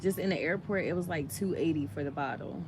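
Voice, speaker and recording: A woman's voice: deep voice, brisk, noisy background. A woman vlogger chatting casually while eating, in a laid-back, chatty way.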